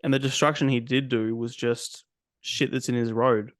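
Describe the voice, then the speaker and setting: Co-hosting a casual movie podcast, a man with a medium-pitched voice at a moderate pace goes on long, animated rants, swearing frequently. The sound is studio quality with no room sound.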